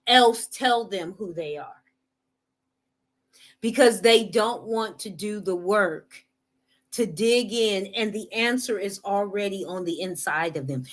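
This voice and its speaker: A woman's voice: medium pitch, fairly bright tone, rough recording. A woman giving an earnest motivational talk, repeating her points and often checking in with "right?". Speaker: motivational speaker.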